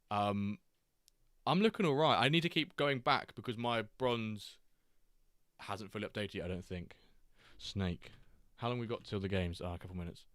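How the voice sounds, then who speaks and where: Chatty man, low voice. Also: no room sound, studio quality. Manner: chatty, reacts to chat readers by name, quick excited asides. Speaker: streamer host. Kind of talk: casual live-stream chat over a football game.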